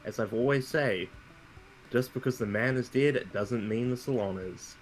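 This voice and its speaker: A man's voice: mid-range voice, moderate pace, soft background music, natural voice, poor audio. A man playing a cheerful, hardworking saloon owner with a hesitant, stumbling delivery.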